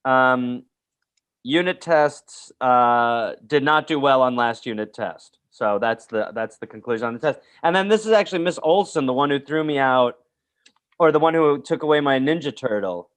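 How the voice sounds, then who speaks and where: A man's voice: mid-range voice, expressive, normal speed, a bit bright, clear, resonant tone. A man hosting a podcast, telling rambling, jokey school stories in casual chat and reading old reports aloud. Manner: rambling, jokey, reads aloud and acts out quotes. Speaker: podcast host.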